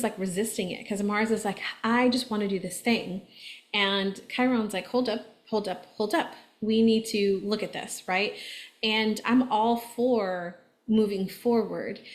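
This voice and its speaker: Chatty woman hosting an astrology forecast. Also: medium pitch. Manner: chatty, animated, acts out quoted voices, many "right?" tags. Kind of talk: casual conversational explanation to viewers.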